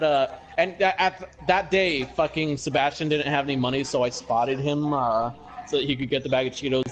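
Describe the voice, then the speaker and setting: A young man hosting a podcast, ranting casually with lots of swearing and halting restarts. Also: on the high side, low-quality recording. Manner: profane, rambling, heated ranting. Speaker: podcast host.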